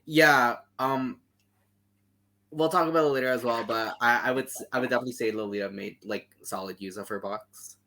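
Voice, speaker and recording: A Canadian man chats casually on a podcast and fills his speech with "um" and laughter. His voice is bright and crisp. His pitch is mid-range for a man. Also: brisk. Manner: filler-heavy, laughs often. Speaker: podcast co-host. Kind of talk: casual chat.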